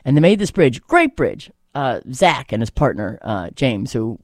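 Rambling woman radio host, lively pitch. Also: a little slow, dry recording, studio quality. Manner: meandering, musing, many fillers and restarts. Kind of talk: rambling solo radio monologue. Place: radio studio.

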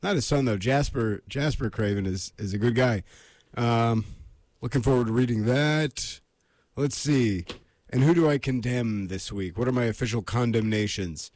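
A man's voice: medium pitch, normal speed, darkish tone, no room sound. An American man hosting a casual solo show, rambling with self-deprecating asides before reading a book aloud. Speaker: podcast host reading aloud.

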